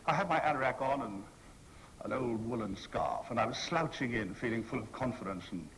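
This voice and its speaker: A man entertains a convention panel with wry, self-mocking anecdotes. His voice is bright and forceful, and his delivery is theatrical. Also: medium pitch, lively intonation, fairly quick, slight background noise, rough recording. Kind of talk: anecdotal storytelling to an audience.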